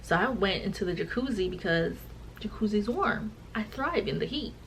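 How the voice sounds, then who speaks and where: A woman's voice: mid-range voice, normal speed, a little hiss or hum, low-quality recording. A young woman, telling a personal story in a casual vlog chat and acting out the voices of the people in it. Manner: animated, acts out quoted voices. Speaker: vlogger.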